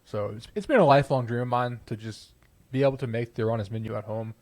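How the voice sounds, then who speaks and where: A man's voice: medium pitch, steady tone, fast, darkish tone, no room sound. A young man co-hosting a podcast, chatting casually and arguing his opinions with playful confidence. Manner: opinionated, playful, trails off in restarts. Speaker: podcast co-host. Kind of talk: casual chat.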